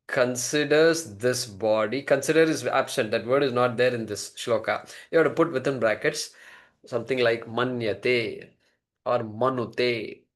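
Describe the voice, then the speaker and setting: A man giving a classroom lecture on a Sanskrit text, explaining word by word and posing rhetorical questions. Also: mid-range voice. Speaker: scripture teacher.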